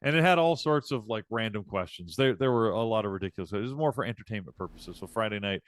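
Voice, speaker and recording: A man co-hosting a live trading show, chatting casually and rambling, with many restarts and repeated words. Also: mid-range voice. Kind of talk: casual chat.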